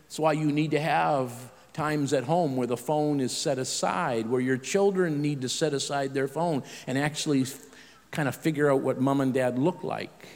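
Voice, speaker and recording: A man's voice: a little high, normal speed, in a large hall. A middle-aged man preaching a sermon in a conversational way, with self-deprecating asides and frequent restarts.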